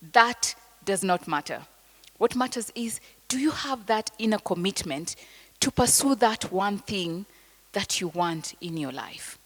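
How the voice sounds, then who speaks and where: Kenyan woman speaker in a reverberant hall. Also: lowish voice. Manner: emphatic, slow dramatic phrasing with sudden soft whispers. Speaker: motivational speaker. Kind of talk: inspirational speech to an audience.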